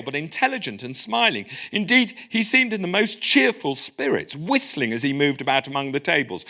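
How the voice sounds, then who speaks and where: A man giving a public lecture in a lecture room, lively and conversational, with wry asides. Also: fairly high pitch.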